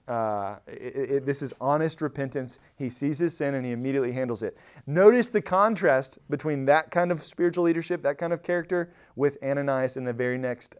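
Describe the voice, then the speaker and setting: A man with a clean-toned, medium-pitched voice teaches a Bible study at church in a conversational style. He's animated, often restarts his phrases, and plays out quoted lines with rising emphasis.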